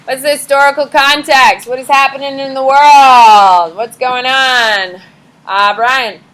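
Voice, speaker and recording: A woman's voice: sits high, fairly even intonation, measured pace, fairly bright tone, rough recording. A woman teacher giving a casual classroom lecture, chatty and sarcastic, swearing offhandedly as she talks to students.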